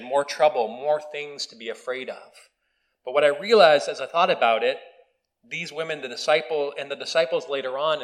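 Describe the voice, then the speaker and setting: A man's voice: mid-range voice, a bit bright, rough recording. Conversational man preaching a sermon. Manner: conversational, self-deprecating, with restarts. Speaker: pastor. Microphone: video recording.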